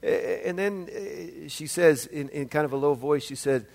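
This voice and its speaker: A preacher from the United States delivering a sermon, animated, swinging from quiet asides to loud shouts. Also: male voice, a little high, unhurried, creaky, hardly any pauses.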